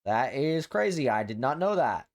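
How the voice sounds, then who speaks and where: A man hosting a casual live stream as a VTuber, talking in loose, rambling chat. He swears freely and drifts from thought to thought in a mid-pitched voice. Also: sing-song, moderate pace.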